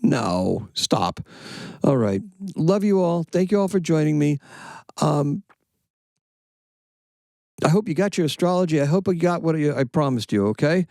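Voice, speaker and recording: A man with a gravelly, fry-edged voice talks through a casual astrology report, swinging his pitch up and down as he rambles. He corrects himself with playful asides. The sound is dry and close, with no room around it. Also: lively intonation, normal speed, long pauses, mellow, no room sound. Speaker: astrology channel host.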